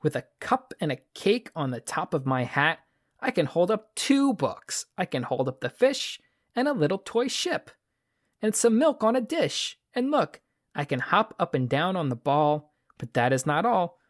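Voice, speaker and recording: A man's voice: fairly high pitch, sing-song, normal speed, no echo, clean studio sound. A man voicing a mischievous, boastful cat in a hat, read aloud in a sing-song storybook rhythm.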